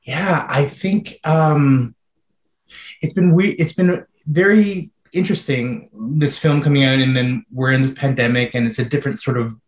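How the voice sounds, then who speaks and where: Man with a flat, roomy-sounding voice. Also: mid-range voice. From Canada. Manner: thoughtful, searching, many fillers and restarts. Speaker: filmmaker. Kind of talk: Q&A interview answers. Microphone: video call.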